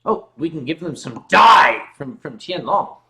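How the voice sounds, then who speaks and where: Joking high-voiced man hosting a sofa chat. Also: expressive, unhurried, creaky. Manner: joking, reads chat comments aloud, bursts into loud mock shouting. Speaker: host. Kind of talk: casual comedic chat. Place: home living room, on a sofa.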